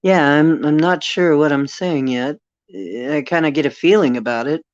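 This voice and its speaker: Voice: medium pitch, moderate pace, no echo. A channel host musing hesitantly in casual spiritual talk, with frequent fillers and restarts. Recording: dull lo-fi recording.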